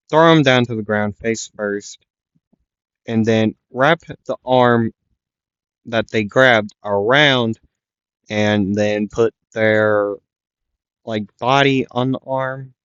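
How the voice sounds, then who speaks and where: Tired, hesitant male storyteller; slow and low, muffled dry lo-fi sound. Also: clear, resonant tone, no room sound. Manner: rambling, hesitant, apologetic. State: tired, yawning. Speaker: fan storyteller. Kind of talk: improvised fan fiction narration. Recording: dull lo-fi dry recording.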